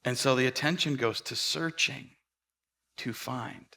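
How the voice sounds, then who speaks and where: A man's voice: mid-range voice, a little slow, gravelly, pushed and bright. A man preaching a sermon as a pastor, telling stories in a conversational way with fillers and restarts. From Pacific Northwest of the US.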